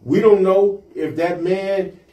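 A man co-hosting a casual podcast, talking in an expressive, emphatic way. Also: high-pitched, slow pace. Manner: expressive and emphatic, bursts into loud laughter. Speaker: podcast co-host. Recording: echoey room, mic set far off.

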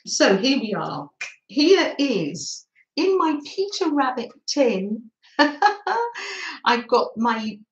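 A woman's voice: fairly high pitch, highs cut off. Giggly chatty woman, echoey room. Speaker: craft vlogger. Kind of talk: casual live-stream chat. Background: pet dogs nearby.

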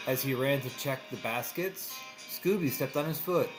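A man reading a picture book aloud for children in a gentle, sing-song way. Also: medium pitch, normal speed, few pauses, music in the background. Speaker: children's storybook reader. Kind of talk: read-aloud storybook narration.

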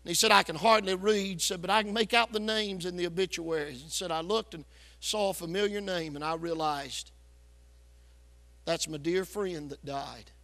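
A man preaching a revival sermon, telling a story loudly and with hard-driving force. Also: sits high, fairly quick. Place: church sanctuary. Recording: echoey church hall.

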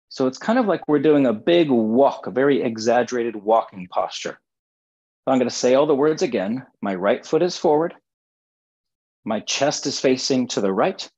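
Husky male physical therapist, playful and self-mocking, leading exercises over dull video-call audio. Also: mid-range voice, darkish tone. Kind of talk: guided exercise instruction.

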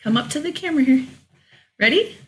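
A woman teaching a children's music lesson, upbeat and praising as she gently gives instructions. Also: sits high, expressive, fairly quick.

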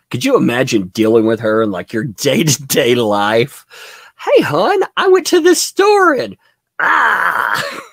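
A man's voice: mid-range voice, dry recording, clean studio sound. A man giving mocking commentary over trial footage, laughing often and speaking theatrically. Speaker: commentary vlogger.

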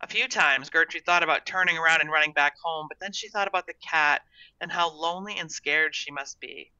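A storybook narrator reading in a measured, expressive way, with a strikingly bright tone. The recording is dry and close, a bit dull at the top. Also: mid-range voice, no echo. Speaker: audiobook narrator.

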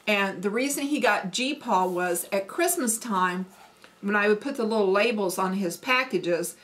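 A woman's voice: mid-range voice, a little slow, fairly bright tone. A middle-aged woman with a Midwestern accent, chatting casually with folksy asides and lots of ums. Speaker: homesteading vlogger. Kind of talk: casual accent challenge chat.

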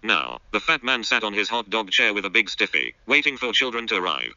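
A man narrating an absurd comic story in a flat, deadpan read-aloud. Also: on the low side, brisk, no room sound. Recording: dull, muffled lo-fi recording.

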